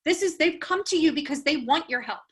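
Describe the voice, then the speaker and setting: A woman in her thirties leading a casual team training session for real estate agents, brisk and animated, acting out client dialogues as she goes. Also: high voice.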